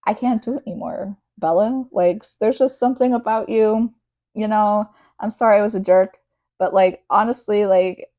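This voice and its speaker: A woman's voice: medium pitch, normal speed, mellow, natural voice. Woman paraphrasing a brooding teen vampire boy. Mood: teasing. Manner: offhand mock-casual paraphrase. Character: brooding teenage male vampire, teasing and guarded.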